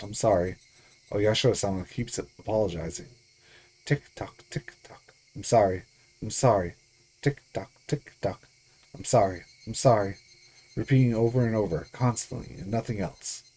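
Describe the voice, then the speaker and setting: A man's voice: lowish voice, darkish tone, slightly rough. A man voicing a guilt-ridden teenage girl sliding into paranoid delusion, reading a visual novel aloud, repeating himself obsessively. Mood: numb. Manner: obsessive repeating, frantic pleading.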